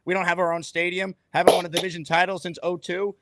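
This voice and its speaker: A man hosting a casual sports talk show, talking in a quick, upbeat, conversational way. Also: sits high, level tone, noisy background. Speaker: sports radio host.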